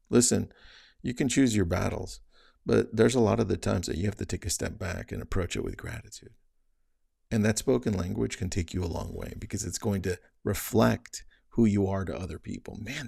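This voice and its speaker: A man's voice: fairly low pitch, creaky, a little mellow, no echo, studio quality. A man hosting a real estate podcast, giving casual mindset coaching in a conversational way, often checking in with "right?" and acting out his own inner thoughts. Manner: chuckles mid-sentence.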